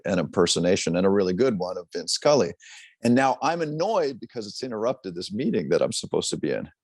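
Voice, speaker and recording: Middle aged guy telling a story on a podcast, lowish voice, dry close sound, acts out the quotes. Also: no room sound. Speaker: sportscaster guest. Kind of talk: storytelling interview.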